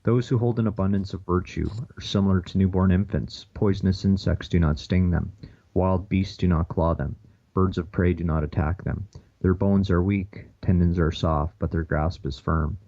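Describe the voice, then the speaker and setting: Deep gravelly man reading slowly. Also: steady tone, warm tone, dry recording, highs cut off. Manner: slow, measured reading. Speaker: radio host. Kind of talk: reading scripture aloud.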